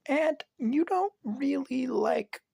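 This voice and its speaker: A man's voice: expressive, slow, vocal fry, mellow, no room sound, studio quality, full character voice. A man voicing a skeptical talking lock mechanism in a raised, questioning voice. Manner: high, questioning.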